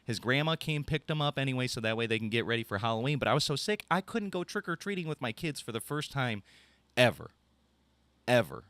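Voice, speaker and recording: A man's voice: medium pitch, lively intonation, fairly quick, fairly bright tone, dry recording. A man, telling a rambling story on a casual podcast, ranting and swearing freely. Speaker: podcast co-host.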